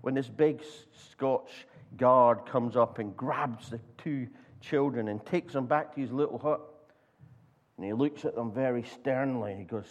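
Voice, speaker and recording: Scottish preacher telling a lively story. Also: male voice, medium pitch, dull audio. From Scotland. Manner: animated storyteller, acts out voices, halting restarts. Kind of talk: sermon with storytelling. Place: church.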